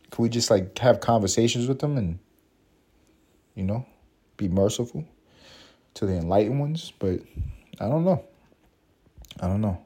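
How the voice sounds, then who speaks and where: A man's voice: on the low side, mellow. A young man hosting a casual solo podcast, rambling and swearing freely, laughing often. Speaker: podcast host.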